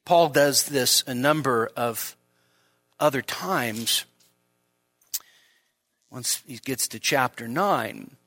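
A man preaching an expository sermon to his congregation at a church service, asking rhetorical questions, stressing key words and dropping into quiet asides. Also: medium pitch, slow, long pauses.

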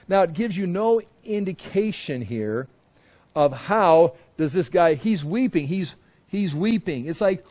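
A man with a somewhat raised pitch walks through a Bible passage verse by verse. He talks in a loose, conversational way, stumbling over and repeating words. He slips into different voices when he quotes people. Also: lively intonation, unhurried, a little mellow. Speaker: Bible teacher.

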